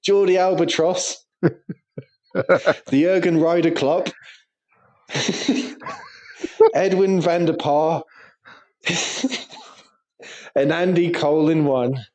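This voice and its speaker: A man's voice: a little high, very slow, long pauses, darkish tone. A young man co-hosting a podcast, chatting casually and swearing through stories and banter. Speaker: podcast co-host. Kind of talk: casual chat.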